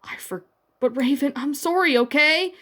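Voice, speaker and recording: A woman's voice: sits high, a little fast, voice pushed up, close to an everyday voice. A woman voicing a nervous, guilty teen alien girl hero, pleading and apologetic in a fan-fiction reading.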